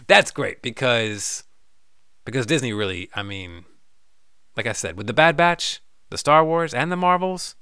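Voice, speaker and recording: Guy doing a solo podcast rant, joking and swearing a lot, bright voice, dry close mic. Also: mid-range voice, lively intonation, unhurried, pauses often, clear, resonant tone, no echo. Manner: loose, profane, joking, breaks into goofy voices. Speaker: podcast host. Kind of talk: solo podcast rant, reading listener messages.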